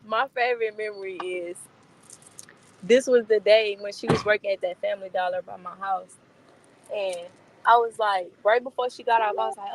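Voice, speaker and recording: A young woman in a casual interview, telling stories about a close friend in a lively, slangy way and laughing often. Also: mid-range voice, moderate pace, a little hiss or hum, rough recording.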